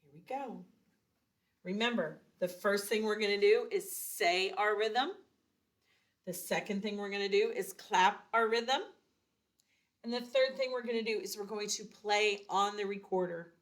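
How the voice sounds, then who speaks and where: Woman, music teacher, recorder lesson for kids, slow and patient delivery. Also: mid-range voice, steady tone. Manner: patient, counting and chanting rhythms aloud.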